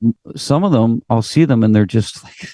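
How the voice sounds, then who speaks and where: A middle-aged Canadian man with a Canadian accent, a singer guest in a casual interview, telling animated stories, acting out quotes and swearing casually. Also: medium pitch, moderate pace, no room sound, studio quality.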